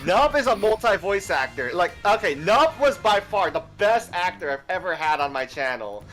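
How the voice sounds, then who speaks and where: Streamer host, male, easygoing rambler, bright tone. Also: high voice, big pitch swings, normal speed, faint music behind. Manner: rambling, restarts often, easygoing. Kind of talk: casual stream chat.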